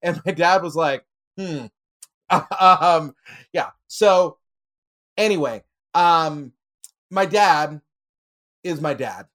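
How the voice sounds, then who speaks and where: Higher-voiced man telling a story. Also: drawn-out words, pauses often, a bit bright. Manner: storytelling with many fillers and laughs. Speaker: podcast panelist. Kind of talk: casual chat.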